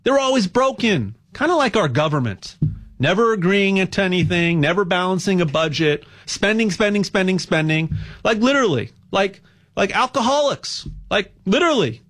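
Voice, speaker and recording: Rambling, animated man pitching gold. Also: moderate pace. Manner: rambling and animated, with frequent stutters and restarts. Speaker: host pitching gold buying. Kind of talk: casual promotional monologue.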